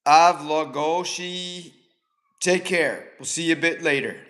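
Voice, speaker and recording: A man's voice: fairly high pitch, unhurried, fairly bright tone. A man hosting a casual livestream from his home kitchen, rambling chattily and talking to his pets along the way. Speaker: livestream host.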